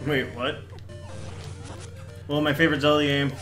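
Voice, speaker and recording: A young man hosting a show, chatting casually and telling stories in an animated way with a lot of swearing. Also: a little high, normal speed, echoey room, soft background music. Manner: animated storyteller, swears freely. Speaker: host. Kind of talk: casual chat.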